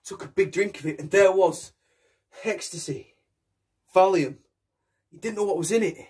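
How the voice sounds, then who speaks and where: A man's voice: high voice, moderate pace, a little mellow, slightly rough. A young man performing a solo theatre monologue, raw and intense, switching between voices. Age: young adult. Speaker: actor.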